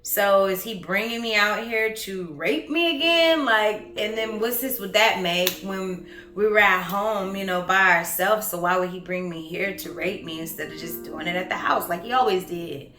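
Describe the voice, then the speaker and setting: A woman recounting her own story in an earnest, reflective way, halting often with pauses and fillers. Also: medium pitch, sharp tone, roomy sound, soft background music. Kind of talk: personal storytelling.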